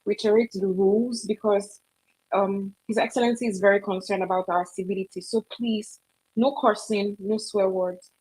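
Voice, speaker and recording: Firm woman moderator, breathy. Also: medium pitch, fairly even intonation, moderate pace, a little mellow, poor audio. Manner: firm, polite, lays down rules. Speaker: co-host moderator.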